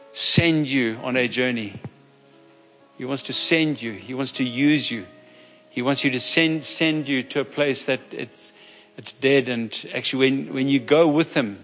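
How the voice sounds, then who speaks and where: A man's voice: on the high side, a bit bright. A man preaching and then leading an earnest, pleading prayer at a church camp, often repeating his phrases. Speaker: pastor. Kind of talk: sermon with closing prayer. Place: church camp meeting hall. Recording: dull sound with long hall reverb.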